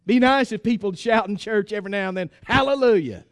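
A man's voice: high voice, fairly even intonation, quick pace, smooth, dry recording, studio quality. A man preaching a sermon to his congregation, emphatic and exhorting, repeating phrases for force. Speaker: pastor.

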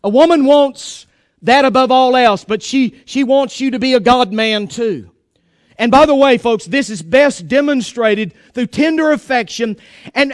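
A man preaching in a folksy, emphatic way, with jokes mixed in. His voice sits very high for a man and sounds smooth and resonant. The recording is close and dry, with no room sound. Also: no room sound. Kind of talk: sermon.

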